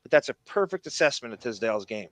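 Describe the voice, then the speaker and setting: A man's voice: mid-range voice, very animated, fast talker, fairly bright tone, no room sound. A man hosting a podcast, talking in an enthusiastic, rambling way with frequent restarts. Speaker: podcast host. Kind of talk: casual chat.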